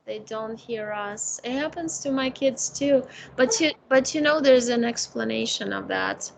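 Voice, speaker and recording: A woman with a fairly high voice speaks casually as a consultant, piling on fillers as she tells animated stories. A faint background hiss sits under the recording. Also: a little slow, gravelly, low-quality recording. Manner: animated storytelling with many fillers. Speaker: psychic consultant. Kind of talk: casual conversation.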